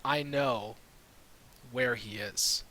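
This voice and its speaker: A man voicing a very old, quiet male elf traveler who speaks slowly and cryptically over a video call mic. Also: fairly low pitch, level tone, exaggerated voice, low-quality recording. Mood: cryptic. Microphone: video call microphone.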